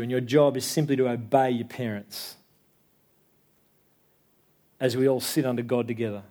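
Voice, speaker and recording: A man's voice: on the high side, warm tone. Conversational man preaching a sermon. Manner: conversational, tag questions like "yeah?". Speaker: pastor. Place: church.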